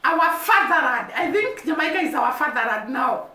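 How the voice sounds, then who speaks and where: A woman's voice: high voice, expressive, normal speed, bright, forceful tone, echoey room. A Kenyan woman vlogging to camera in an earnest, repetitive way, building emphasis as she speaks, with a baby crying nearby. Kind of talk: casual to-camera commentary.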